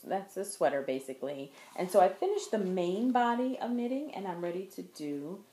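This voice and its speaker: In her knitting video podcast, a woman with a mid-range, animated, mellow voice chats at a normal speed, wandering off topic and correcting herself as she shows her work to the camera. The camera sits in front of her, the room sounds echoey, and there's slight background noise.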